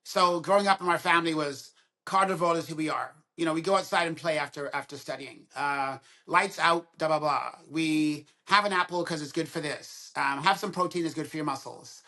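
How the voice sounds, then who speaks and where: He's a dentist of about sixty visiting a podcast, his voice slightly high, his delivery brisk with few pauses. In casual conversation he tells animated stories, acting out each side of the exchanges he quotes.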